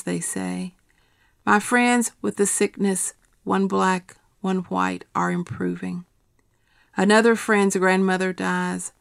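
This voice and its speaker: A middle-aged woman reading her personal essay aloud in a quiet, measured, steady way. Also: mid-range voice, gravelly, smooth, dry recording, clean studio sound.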